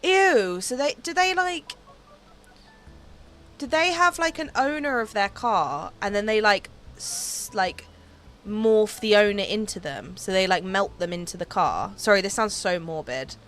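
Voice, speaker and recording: A woman's voice: mid-range voice, lively intonation, unhurried, fairly bright tone. A woman streaming a game, chatting casually with viewers, giggling often and filling her talk with "um" and "like.". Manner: chatty, giggly, many fillers like "um" and "like". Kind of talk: casual livestream chat while gaming.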